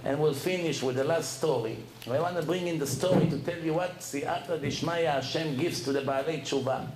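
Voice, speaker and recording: A rabbi telling personal stories in a lecture, acting out the dialogue. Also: male voice, brisk, echoey room, noisy background. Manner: animated, acts out dialogue with rising pitch. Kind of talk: storytelling lecture.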